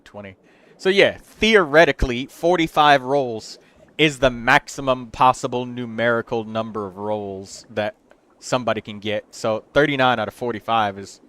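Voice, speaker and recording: A man's voice: medium pitch, a bit bright, clear, resonant tone. A man hosting a game livestream, reviewing viewers' characters in casual, chatty commentary and thinking aloud as he counts numbers.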